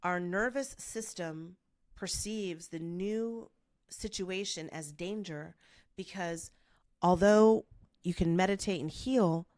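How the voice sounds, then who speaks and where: Female podcast host, storytelling monologue, animated delivery with acted-out dialogue, low pitch, dry booth sound. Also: slow, no echo. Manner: animated, acts out quoted dialogue.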